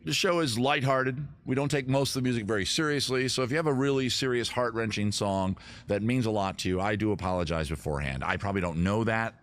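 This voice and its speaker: A man's voice: lowish voice, fast talker, fairly bright tone. Rambling man hosting a music stream. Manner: rambling, easily sidetracked, self-deprecating. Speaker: livestream music host. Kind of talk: casual chat reading viewer comments.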